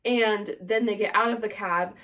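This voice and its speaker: A woman's voice: medium pitch, fairly even intonation, moderate pace, a bit bright. This young woman speaks in a mid-range voice and talks in a loose, opinionated way, filling her sentences with "like". She co-hosts a casual podcast chat. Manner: chatty, opinionated, heavy use of "like". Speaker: podcast co-host.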